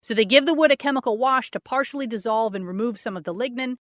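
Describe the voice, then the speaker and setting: Bright-voiced woman reading science news. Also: a little high, quick pace, dry recording, clean studio sound. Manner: chatty, joking asides while reading. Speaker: co-host. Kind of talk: casual podcast reading news articles.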